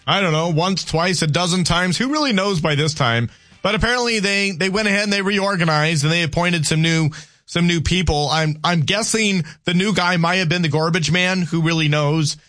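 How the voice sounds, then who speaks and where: A man's voice: high-pitched, normal speed, sharp tone. A man hosting a talk radio show, giving opinions in a loose conversational monologue and reading listener texts aloud.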